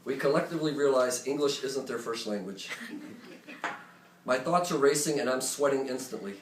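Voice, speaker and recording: A man telling a personal story to a live audience in a conversational, animated way with joking asides. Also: medium pitch, normal speed, noisy background. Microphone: phone or camera recording from the room. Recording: roomy, distant, faint ambience.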